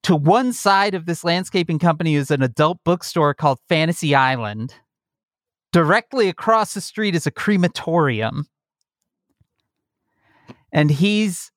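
A man co-hosting a casual comedy chat about politics, mocking and animated, who keeps slipping into silly put-on voices. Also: on the high side, no room sound, clean studio sound. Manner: animated, mocking, breaks into silly shouted impressions. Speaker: podcast co-host.

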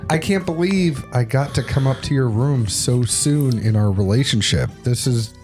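A man's voice: mid-range voice, normal speed, faint music behind. A man with a Southern American accent, a podcast guest telling jokes and stories in casual chat. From Tennessee. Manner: joking, storytelling.

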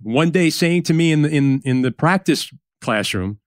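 A man's voice: a little high, animated, moderate pace, clean tone, no echo, studio quality. A man from Yonkers, New York, hosting a podcast conversation, telling stories and reminiscing. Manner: reminiscing, storytelling. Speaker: podcast host.

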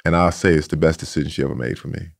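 A man with a very low, gravelly voice tells long stories as a guest. He talks in a relaxed way and stumbles over repeated words as he goes. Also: very fast. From Texas. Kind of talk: casual storytelling.

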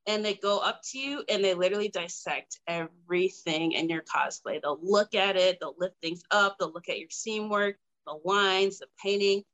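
A young woman telling a story in casual chat, animated and breathless, full of "like" and laughing asides. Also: medium pitch, normal speed, few pauses, lo-fi sound.

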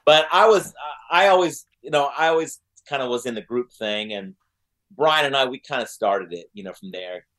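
A man's voice: medium pitch, lively intonation, normal speed, fairly bright tone. A man with an Oklahoma accent telling stories in a casual interview, rambling with lots of fillers and acting out what people said. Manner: rambling, many fillers, acts out quotes. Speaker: guest singer.

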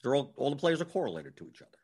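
A man with a medium-pitched, darkish voice, breathy at the edges and full of big pitch swings, works as a fantasy sports analyst. His casual strategy breakdown is rapid and scattered as he thinks aloud, scrolling through and rattling off lineups.

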